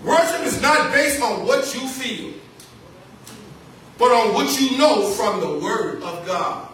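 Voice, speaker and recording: A man's voice: extremely high pitch, animated, takes it slowly, fairly bright tone. A man preaching a sermon from the pulpit as pastor, repeating key phrases and calling out to his congregation. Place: church sanctuary. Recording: echoey church hall, distant mic, faint noise.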